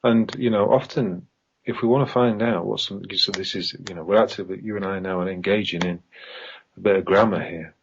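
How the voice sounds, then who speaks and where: A man's voice: low voice, steady tone, fairly quick, slight background noise. A man talking as a podcast guest in casual conversation, rambling and emphatic, firing off pointed questions. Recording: dull lo-fi online call audio.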